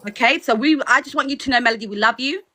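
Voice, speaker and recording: A woman's voice: high voice, fast, bright, forceful tone. A woman with an accent giving a fiery, preachy pep talk as a guest on a livestream. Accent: foreign accent. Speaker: guest speaker.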